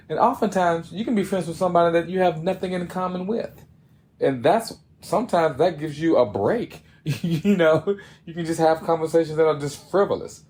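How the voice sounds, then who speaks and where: A man's voice: a little high, animated, moderate pace, darkish tone. A man co-hosting a podcast in a casual chat, laid-back and laughing as he gives advice. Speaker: podcast co-host.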